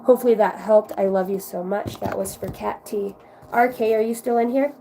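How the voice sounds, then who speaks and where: A woman with a mid-range voice reads tarot cards on a live stream, warm and affectionate, drifting into rambling chat with her viewers. She sounds like she is at home on a webcam mic, with a faint hiss underneath. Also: medium pitch, fairly even intonation, fairly quick, vocal fry, low-quality recording. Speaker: tarot card reader.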